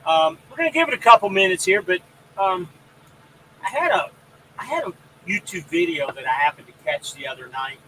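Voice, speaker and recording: A man's voice: sits high, lively intonation, fairly quick, bright, forceful tone, a little hiss or hum, rough recording. A man hosting a casual live stream about trucking, rambling and greeting viewers by name. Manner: rambling, reads out viewer comments.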